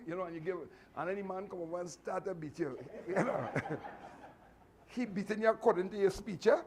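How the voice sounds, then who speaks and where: A man with a Trinidadian accent, telling animated, chatty stories to a martial arts class with laughing asides. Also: sits high, fairly quick. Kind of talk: storytelling speech to a class.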